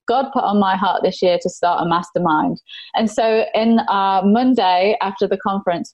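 A woman's voice: mid-range voice, darkish tone, no echo, poor audio. A woman hosting a faith-based business podcast, gushing and emotional as she introduces her guest. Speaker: podcast host.

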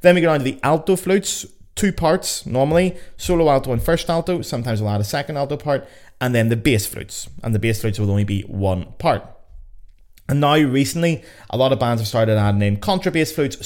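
A man's voice: medium pitch, brisk, a little mellow. A young man with a Belfast accent hosting a casual educational podcast, chatty, joking and swearing freely. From Northern Ireland. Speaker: podcast host. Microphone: podcast mic.

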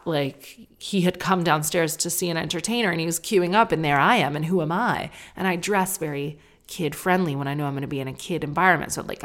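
A low-voiced woman in her thirties hosts a casual podcast monologue. She tells candid, chatty stories, leaps up in pitch and loudness for emphasis, and acts out the other people in her anecdotes. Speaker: podcast host.

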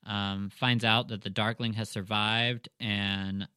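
A man co-hosting a casual book discussion podcast who reads passages aloud in a soft, measured way. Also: fairly low pitch, little pitch movement, clean tone, dry recording, clean studio sound. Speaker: podcast co-host.

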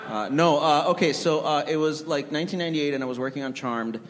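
A man's voice: a little high, fast talker. A man telling rambling, self-deprecating stories with many restarts as a TV writer on a festival panel. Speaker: panelist, TV writer and show creator. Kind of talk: anecdotal storytelling on a panel. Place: live festival panel in a large hall. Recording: reverberant hall with faint ambience.

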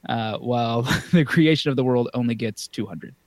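A man's voice: mid-range voice, moderate pace, darkish tone, no echo. A man co-hosting a casual podcast, joking around and stumbling over foreign words as he reads out notes. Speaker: podcast co-host. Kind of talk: casual chat.

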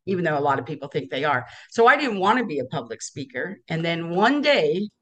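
A woman being interviewed as a guest speaker, telling stories in an animated way and acting out the people in them. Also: on the low side, brisk. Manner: animated, acts out the voices in her stories. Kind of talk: casual interview storytelling.

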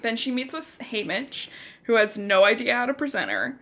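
A woman's voice: on the high side, animated, normal speed, fairly bright tone. A young woman co-hosting a podcast, recapping chapters in a casual, chatty way, peppered with "like" and the odd swear word. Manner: chatty, frequent "like", swears casually, acts out characters' lines. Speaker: podcast co-host. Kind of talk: casual book recap chat.

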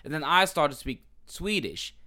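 A man chatting casually and animatedly, often chiming in. His voice is bright and sharp and rises and falls a lot. It sits fairly high. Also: sing-song, normal speed. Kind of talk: casual football chat.

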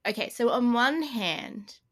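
A woman's voice: on the high side, animated, unhurried, a bit bright. A woman co-hosting a casual tabletop-game podcast, rambling and laughing often. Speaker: podcast co-host. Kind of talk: casual chat.

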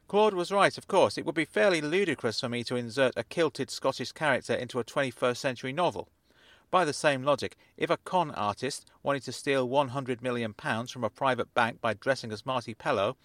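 A man reading his own comic story in the first person, with a dry, deadpan delivery. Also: medium pitch, a little fast, dry recording. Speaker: author and narrator. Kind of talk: first-person audiobook narration.

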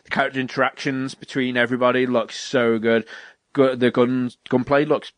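A man chatting casually about video games, animated, swearing freely and acting out little quotes. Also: mid-range voice, normal speed, no echo. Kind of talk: casual gaming chat.

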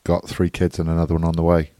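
A man's voice: low-pitched, monotone, fast talker, mellow, no echo, clean studio sound. A man co-hosting a podcast, teasing his friend in casual banter. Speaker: podcast co-host. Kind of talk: casual chat.

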